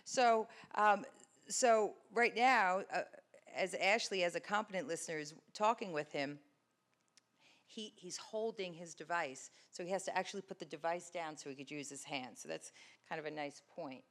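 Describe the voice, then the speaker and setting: A woman's voice: lowish voice, moderate pace, a bit bright. Woman presenter chatting through video clips. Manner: conversational, checks in with frequent "right?". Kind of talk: explaining video clips to an audience. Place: presentation room with an audience.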